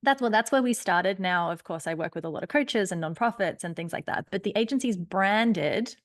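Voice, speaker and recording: An Australian woman in her thirties talks as a podcast guest, upbeat and emphatic. Her voice sits at an ordinary middle pitch for a woman, and she laughs easily between points. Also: animated, brisk. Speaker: podcast guest, business strategist. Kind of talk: conversational interview.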